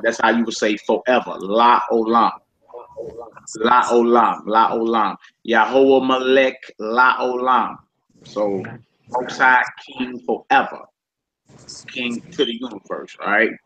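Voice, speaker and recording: Man teaching a relaxed online class. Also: mid-range voice. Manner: relaxed, repeats each word aloud, slangy asides. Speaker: Hebrew teacher. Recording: slightly dull lo-fi with faint noise.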